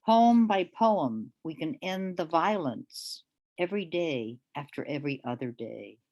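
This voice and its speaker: Slow, low-voiced woman reading poetry. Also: expressive, a little mellow. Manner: deliberate, measured delivery with pauses between lines; hesitant, with fillers, when speaking off the page. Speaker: featured poet.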